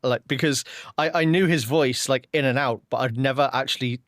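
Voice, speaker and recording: A man's voice: medium pitch, fairly quick, a bit bright, no room sound, clean studio sound. A man hosting a podcast in casual chat, hesitant, with stumbling restarts. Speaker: podcast host.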